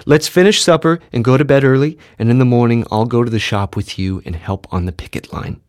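A man voicing a firm, practical mother who calmly refuses in a storybook reading. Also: mid-range voice, a little fast, smooth, natural voice. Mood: resolute. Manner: calm, stubborn refusals.

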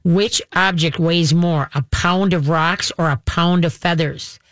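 A woman's voice: lowish voice, fairly even intonation, a little slow, dry recording. A woman hosting a radio show, chatting casually about pets and acting out what the animals might say. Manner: chatty, acts out pets' voices and repeats questions.

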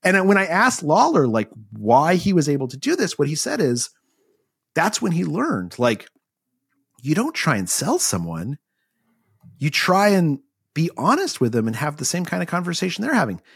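A middle-aged man, an author guest, telling an animated story in a podcast interview, acting out quotes and using many fillers. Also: fairly high pitch, moderate pace, gravelly, slightly rough, dry recording, studio quality.

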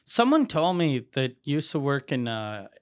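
A man's voice: medium pitch, sing-song, a little slow. A man co-hosting a podcast, chatting casually, teasing and bantering with his partner. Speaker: podcast co-host. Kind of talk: casual chat.

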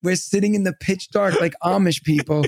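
Male podcast co-host, 30s, gravelly and a bit high, rambling storyteller, dry close mic. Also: moderate pace, no room sound. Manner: rambling, animated anecdote teller with many fillers. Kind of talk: casual storytelling.

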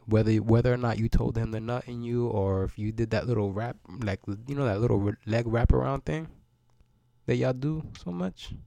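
A man's voice: medium pitch, moderate pace, vocal fry, dark tone, dry recording. A man, hosting a solo podcast and ranting in a loose, profane, rambling way, often repeating words as he goes. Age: 30s. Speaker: podcast host.

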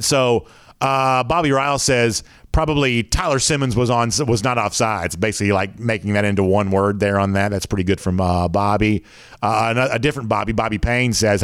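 A Southern man with a fairly low voice hosts a sports show in loose, chatty fashion. He rambles and pads his talk with fillers. The sound is dry and close. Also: no room sound. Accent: Southern American.

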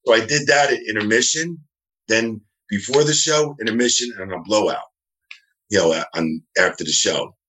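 Low, forceful New man. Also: normal speed. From New Jersey, USA. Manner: rambling anecdotes, acts out quoted voices. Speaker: wrestling referee, guest. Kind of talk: casual interview storytelling. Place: his home.

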